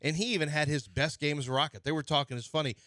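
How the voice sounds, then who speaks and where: A man hosting a sports radio show, talking in an animated, playfully argumentative way. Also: a little high, rapid-fire, dry recording, clean studio sound. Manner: animated, playfully argumentative, jumps between topics. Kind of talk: casual sports talk banter. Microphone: studio mic.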